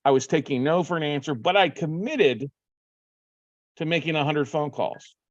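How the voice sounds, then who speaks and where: Host, man, lively storyteller, slightly high voice, dry dull recording. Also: moderate pace, no echo. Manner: animated, acts out his own phone calls. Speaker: podcast host. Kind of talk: casual storytelling.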